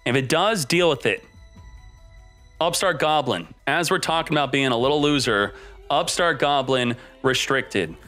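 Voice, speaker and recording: A man's voice: medium pitch, measured pace, fairly bright tone, soft background music. A man giving a card game banlist reaction, ranting and mocking with sudden outbursts. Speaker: card game content creator.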